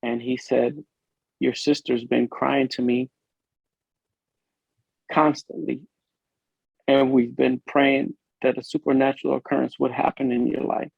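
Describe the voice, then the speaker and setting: Gravelly police officer telling his story. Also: medium pitch, flat delivery, a little mellow, dry recording. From Illinois, USA. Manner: earnest, emotional, halting storytelling. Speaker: police officer, interview guest. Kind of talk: personal testimony in a podcast interview. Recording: dull lo-fi dry recording.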